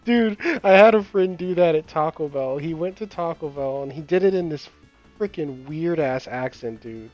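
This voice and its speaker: A young man talking casually over a gaming session in a slightly high voice, rambling through stories and laughing often. His audio is dull and lo-fi, with faint game music playing underneath. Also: normal speed, no echo. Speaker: gamer and channel host. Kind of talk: casual chat while gaming.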